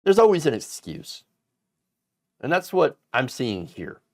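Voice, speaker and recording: With a sing-song quality and a measured pace, a man offers political commentary that's indignant and emphatic. Stressed words send his pitch swinging widely, and he stumbles through fillers and restarts.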